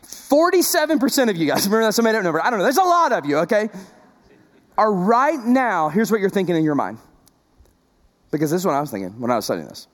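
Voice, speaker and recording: A man preaching a sermon with a strikingly high, lively voice that swoops up and down. He talks to the congregation in a conversational, emphatic way, repeating himself and adding asides, and his voice rings out with a long reverb in a large church hall. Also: quick pace. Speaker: pastor.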